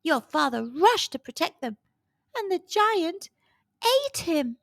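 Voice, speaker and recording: Woman doing a tiny, sweet, high fairy. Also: sing-song, takes it slowly, creaky, dry recording, studio quality, full character voice.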